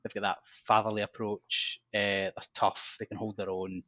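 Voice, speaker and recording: A low-voiced man chats as a podcast guest, blunt and jokey. His voice comes through a dull, dry, lo-fi mic. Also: level tone, normal speed, bright, forceful tone, no echo. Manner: blunt, jokey, short interjections. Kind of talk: casual chat.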